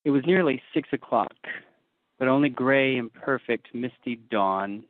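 A man reading a classic novel aloud as an audiobook, in a measured literary manner with occasional restarts, on a tinny, dry, phone-like recording. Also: mid-range voice, dry recording. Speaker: audiobook narrator. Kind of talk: scripted audiobook narration.

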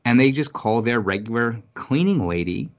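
A man from New York City telling stories in casual conversation, rambling, swearing often and getting animated. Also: mid-range voice, moderate pace, highs cut off. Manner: rambling, profane, animated storytelling. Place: Virginia.

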